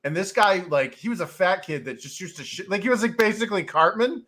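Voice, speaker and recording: A man with a high, bright voice that swings up and down a lot. He chats casually and crudely with friends as host of a wrestling watch party. When he tells a story he acts out the other people's lines loudly. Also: fast. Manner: animated storyteller, loud exclaimed quotes.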